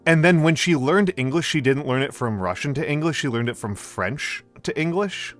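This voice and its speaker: A man's voice: fairly high pitch, animated, normal speed, fairly bright tone, soft background music. A man, hosting a stream and chatting casually, rambling with lots of fillers and restarts. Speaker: streamer host. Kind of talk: casual chat.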